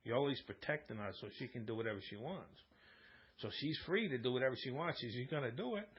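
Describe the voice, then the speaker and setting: A husky-voiced man telling a long story on a live stream. He rambles and repeats himself, and he acts out both sides of a quarrel. The audio is muffled and lo-fi. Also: medium pitch, lively intonation, fast talker. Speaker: live-stream talk host. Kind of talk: casual storytelling monologue.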